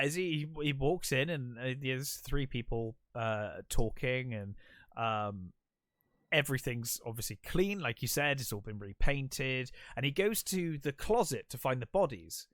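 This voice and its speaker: A man's voice: mid-range voice, animated, measured pace, pushed and bright, no room sound. Man retelling a film scene, dry sound. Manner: retells scenes, quoting characters in passing. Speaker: podcast co-host. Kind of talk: casual film discussion.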